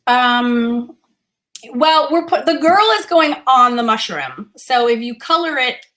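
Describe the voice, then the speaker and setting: High bubbly lady chatting on an art livestream, reads out comments, coos at her dog. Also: expressive, takes it slowly, a bit bright. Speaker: art teacher hosting a livestream. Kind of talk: casual livestream chat. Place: home studio room.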